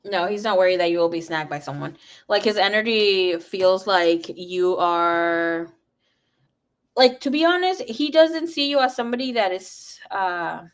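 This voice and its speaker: A woman's voice: fairly low pitch, moderate pace. A young adult woman giving a live tarot reading, talking frankly and swearing freely. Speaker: tarot reader.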